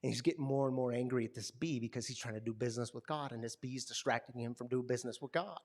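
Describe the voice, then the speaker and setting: A man's voice: medium pitch, quick pace. A man pastoring a recovery community, telling a story in a sermon and acting out the quotes and sounds. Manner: animated storyteller, acts out quotes and buzzing sounds. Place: gathering hall with a live audience.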